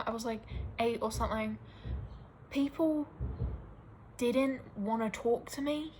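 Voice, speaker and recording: A young woman with an Australian accent, ranting casually to camera in a rambling, animated, self-mocking way. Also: on the high side, slight background noise, low-quality recording. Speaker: vlogger.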